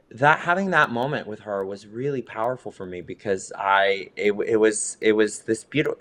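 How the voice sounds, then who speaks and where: A man's voice: on the low side, fairly bright tone. A young adult man, a drag musician, speaking earnestly and reflectively about his life in an interview, at times openly emotional. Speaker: documentary subject, drag musician. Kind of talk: interview conversation.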